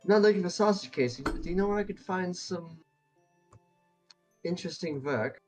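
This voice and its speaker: A man's voice: high-pitched, animated, normal speed, over music. A man voicing a cocky male rogue adventurer with a smug, breezy swagger.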